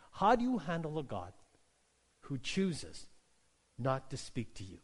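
A male pastor preaching a sermon, moving from hushed, quiet passages to loud, rising calls and asking the congregation questions. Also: a little high, huge pitch swings, a little slow, long pauses. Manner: asks the congregation questions, repeats phrases.

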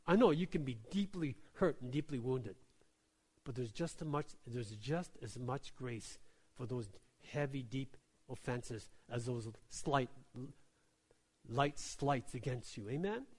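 A man's voice: medium pitch, husky. Conversational man preaching a sermon. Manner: conversational preaching with many tag questions; drops soft and slow on key lines, lifts for stories. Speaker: pastor.

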